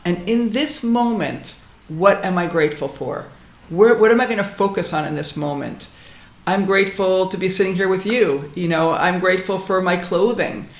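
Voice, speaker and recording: A woman's voice: lowish voice, moderate pace, reverberant. A woman guest, a transformation coach, talking earnestly about gratitude and personal growth on a podcast. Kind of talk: reflective podcast conversation.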